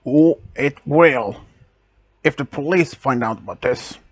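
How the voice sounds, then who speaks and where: A man voicing a big, protective father who speaks slowly and sternly in a booming voice. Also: natural voice. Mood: threatening.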